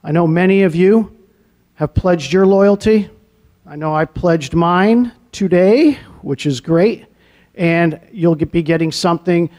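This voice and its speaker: A man's voice: high voice, a little slow, darkish tone. A middle-aged man from New England, newly named athletic director, giving an earnest press conference speech in an arena lobby and repeating words for emphasis. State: getting emotional at times.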